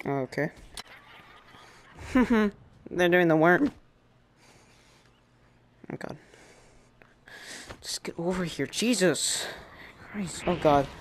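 A man with a slightly high voice narrates his game in a flustered rush, breaking into apologetic outbursts again and again. Clear background noise hisses under his voice throughout this noisy home recording. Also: expressive, extremely slow, pauses often. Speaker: gamer. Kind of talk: let's-play commentary.

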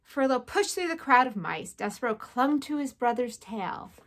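Brief: woman teacher, home read-aloud of a children's book; clear, expressive and slightly high. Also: normal speed. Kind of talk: reading a children's novel aloud.

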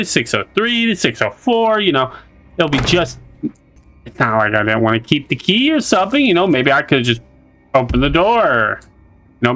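A gamer giving casual, nervous commentary on a horror game, often talking in a high coaxing voice to the creatures on screen. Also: a bit bright, low-quality recording. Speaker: let's play gamer.

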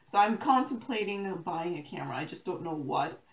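A woman's voice: on the low side, animated, brisk. A woman chatting casually to viewers while she does a diamond painting at home, rambling, correcting herself and laughing often. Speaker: crafting YouTuber. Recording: roomy echo.

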